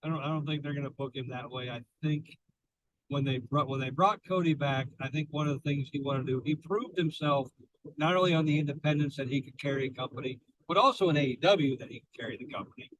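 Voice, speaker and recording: A man's voice: fairly high pitch, fast, a bit bright, highs cut off. A man co-hosting a podcast in loose casual chat, cursing now and then. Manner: conversational, loose, swears casually. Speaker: podcast co-host.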